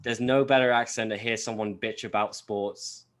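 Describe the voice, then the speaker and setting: A man's voice: on the low side, fairly even intonation, moderate pace, fairly bright tone. A man on a podcast rambling in casual chat, full of filler words and swearing. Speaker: podcast co-host.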